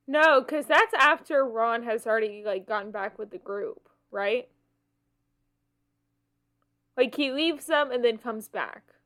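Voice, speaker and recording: A woman's voice: fairly high pitch, slow, long pauses. A young woman co-hosting a podcast, chatting casually and looking things up as she talks. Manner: relaxed, reads snippets aloud while looking things up. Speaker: podcast co-host. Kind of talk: casual chat.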